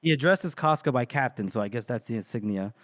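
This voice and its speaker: A man's voice: medium pitch, expressive, fast talker, dry recording, studio quality. A man co-hosting a casual podcast about a book, retelling scenes and acting out the characters' lines. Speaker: podcast co-host.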